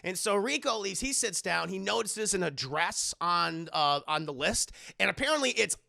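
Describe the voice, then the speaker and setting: A man streaming a casual live review, retelling scenes in an animated, profane way and doing the characters' voices. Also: high voice, moderate pace, creaky.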